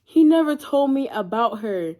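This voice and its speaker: A young woman telling a personal story in a casual, animated vlog, full of disbelief and filler words. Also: a little high, normal speed. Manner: animated, incredulous, lots of "like" and "y'all". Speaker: storytime vlogger.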